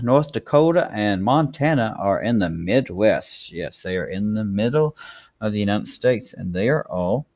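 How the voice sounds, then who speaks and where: A man's voice: lowish voice, animated, moderate pace, a little mellow. A man narrating a handwriting lesson in a chatty, encouraging way while he writes. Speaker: handwriting teacher. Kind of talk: casual tutorial narration.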